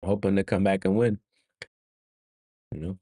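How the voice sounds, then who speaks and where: Hosting a live fan watch-along, this deep-voiced man gives casual play-by-play at a moderate pace, talking to both the players and his chat. He gets excited, urges the team on and laughs often, and the recording is dry and studio quality.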